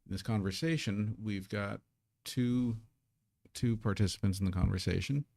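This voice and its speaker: A man teaching a live online Korean lesson, patiently explaining and sounding out syllables slowly. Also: lowish voice, gravelly, darkish tone, no room sound.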